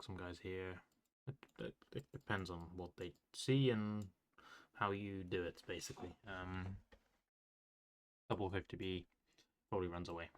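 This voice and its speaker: A man's voice: low voice, a bit bright. A man casually talking through game tactics in a loose, rambling way, with many fillers and self-corrections. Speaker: game strategy guide creator.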